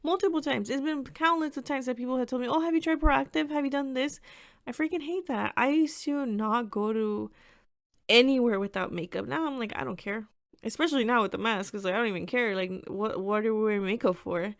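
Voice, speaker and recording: A woman's voice: on the high side, a little fast, creaky, dry recording, clean studio sound. A woman in her twenties hosting a podcast, telling personal stories in a chatty way, laughing often and swearing casually. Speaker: podcast host. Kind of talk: casual storytelling monologue.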